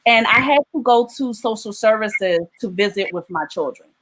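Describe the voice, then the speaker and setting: A woman from Maryland giving an emotional personal testimony of her faith, often pausing with "um" and "right?". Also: medium pitch, fairly bright tone, low-quality recording. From Maryland, USA. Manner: emotional storytelling with frequent "um" and "right?".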